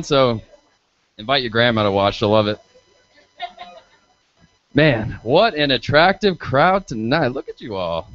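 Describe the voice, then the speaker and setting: A man's voice: mid-range voice, no room sound. A man doing a live stand-up set in a bar, swearing freely and teasing himself and the crowd. He talks on a handheld stage mic. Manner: crude, profane, self-deprecating banter with the crowd. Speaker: stand-up comedian and radio show host. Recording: dull lo-fi live stream audio.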